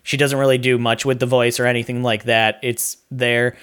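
A man co-hosting a podcast, giving a steady, explanatory movie review in casual chat. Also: mid-range voice, normal speed, smooth. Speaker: podcast co-host.

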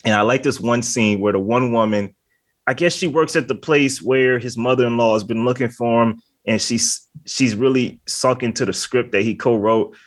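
Speaking at an ordinary pace in a mid-range voice, a male podcast co-host chats casually. His talk meanders, is packed with "like," and is punctuated by frequent laughs.

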